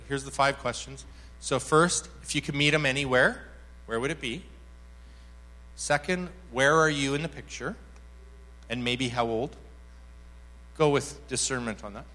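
Man, church workshop speaker, animated storytelling, bright forceful voice. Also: mid-range voice, a little slow, pauses often. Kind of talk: teaching talk with acted anecdote.

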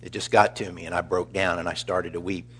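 Middle-aged male pastor, low voice, earnest eulogy delivery. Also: level tone, slight background noise. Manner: earnest, measured, warmly storytelling. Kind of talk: funeral eulogy.

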